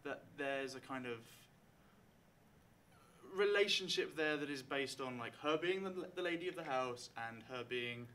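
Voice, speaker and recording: Game master, male, live stage show, bright and hesitant, faint room sound. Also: mid-range voice, measured pace, slight background noise. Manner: hesitant, many fillers, chatty. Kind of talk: narrating a live tabletop game. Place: live show before an audience.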